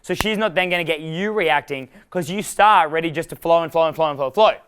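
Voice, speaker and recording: A man's voice: on the high side, fast talker, fairly bright tone, slight background noise. A young adult man leading a live dating workshop, rambling and profane, laughing at his own jokes. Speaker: dating coach.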